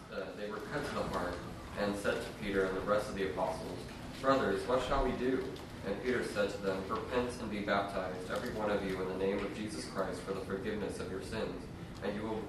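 A man in a class reading scripture aloud, steady with small restarts. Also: lowish voice, brisk. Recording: distant roomy recording with background noise.

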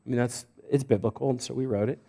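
A man's voice: mid-range voice, fairly even intonation, fast, creaky, mellow, husky. A middle-aged man from Idaho preaching a sermon as a pastor, conversational, with frequent restarts and self-deprecating jokes. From Idaho, United States.

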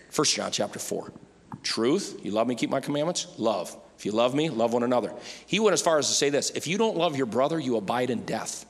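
A man preaching a sermon in a church, emphatic, swinging from shouts down to whispers. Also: mid-range voice. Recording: reverberant church hall.

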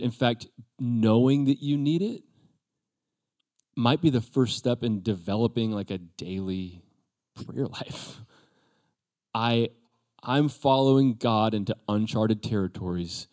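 A male pastor preaching a sermon, acting out quoted voices and dropping to a soft, quiet tone at times. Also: lowish voice, measured pace. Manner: drops to a soft, quiet voice for reassurance.

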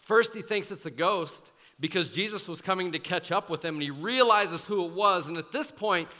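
A young man preaching to students as a youth pastor, telling the story in a casual, animated way with many fillers. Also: sits high, moderate pace. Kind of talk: sermon. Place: church auditorium. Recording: large hall with long reverb, faint music.

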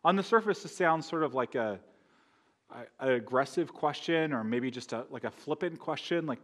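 A man's voice: mid-range voice, expressive, moderate pace, fairly bright tone. A man preaching a sermon in a conversational way, often asking the congregation questions. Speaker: pastor.

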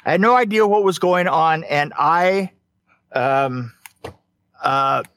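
A man's voice: fairly high pitch, fairly bright tone, dry recording. A man in casual chat, telling stories with frequent ums, repeats and easy laughter. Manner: laughs easily, halting with "um" and repeats.

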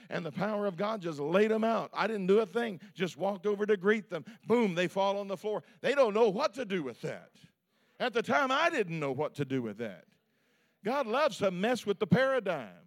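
A man preaching a sermon as pastor, swinging between loud, shouted peaks and quiet, low asides.

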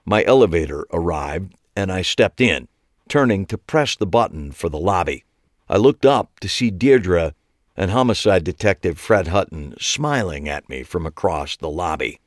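A man narrating a first-person audiobook in a wry, expressive way. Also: low-pitched, normal speed, no echo, studio quality.

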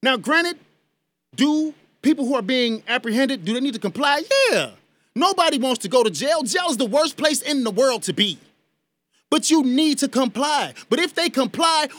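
Male talk radio host, very high and bright voice, emphatic and heated, dry studio sound. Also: animated, normal speed, no echo. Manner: emphatic, heated, addresses listeners as y'all. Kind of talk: impassioned talk radio commentary.

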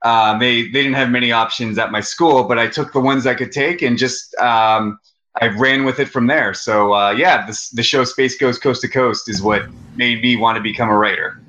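A man talking as a podcast guest in a relaxed, hesitant way, with many fillers and restarts. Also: mid-range voice, normal speed, muffled recording. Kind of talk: casual podcast chat.

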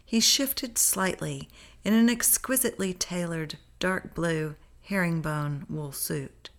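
A woman telling a personal memoir in a calm, unhurried storytelling voice. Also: on the low side. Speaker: narrator. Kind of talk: memoir read-aloud narration.

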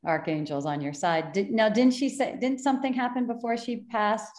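A woman's voice: on the high side, moderate pace, a little mellow, echoey room. A woman hosting a casual chat, talking eagerly with many restarts. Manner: chatty, restarts and hedges a lot. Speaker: host.

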